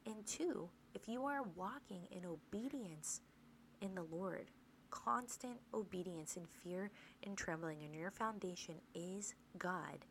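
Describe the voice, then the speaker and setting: A woman leads a podcast Bible study in a somewhat low voice. She teaches earnestly, posing rhetorical questions and checking in with her listeners. A faint noise sits under the recording. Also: slow, a bit bright, poor audio. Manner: earnest, asks rhetorical questions, tag "right?".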